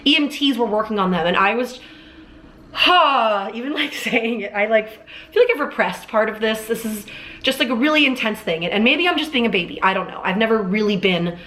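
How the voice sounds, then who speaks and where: A woman's voice: medium pitch, a bit bright. A woman in her twenties telling a personal story to camera as a vlogger, rambling with lots of fillers and restarts. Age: 20s. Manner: rambling, filler-heavy, self-dramatizing. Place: Los Angeles.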